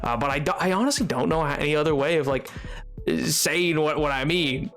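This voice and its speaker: A rambling, giggly male game streamer chats loosely with his viewers and fills his talk with fillers. His voice sits a little high, with faint music underneath. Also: brisk, fairly bright tone. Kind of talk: casual live-stream chat.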